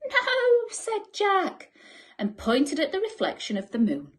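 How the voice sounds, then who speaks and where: A woman teacher reads a bedtime story at an unhurried pace, with a voice that rises and falls in a very lively way. She drops to soft whispers for the hushed moments. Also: high voice. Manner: expressive, dropping to soft whispers. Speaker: school teacher.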